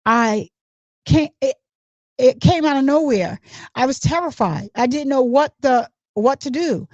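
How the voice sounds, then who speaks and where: Woman reading as a male court witness: hesitant, plain, slightly high voice, dull dry recording. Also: a little slow, darkish tone, no echo.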